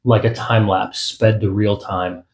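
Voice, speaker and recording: A man narrating his own fantasy audiobook in a measured storytelling manner. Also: lowish voice, fairly even intonation, echoey room, rough recording. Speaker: author and narrator.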